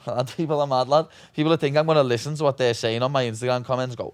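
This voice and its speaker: A man's voice: medium pitch, fast talker, few pauses, no room sound. A young man with a Scouse accent being interviewed, blunt and brash, swearing freely and calling everyone "lad". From Liverpool, England. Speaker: interview guest, fighter. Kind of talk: casual interview chat.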